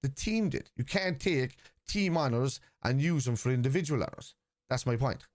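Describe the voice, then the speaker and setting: A man's voice: medium pitch, expressive, moderate pace. An Irish man hosting a live football watchalong stream, arguing point by point with viewers' comments in a combative way.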